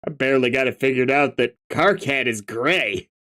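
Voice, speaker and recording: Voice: medium pitch, normal speed, fairly bright tone. A host reading a webcomic aloud, dropping casual, wry asides between the panels. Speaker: comic reader.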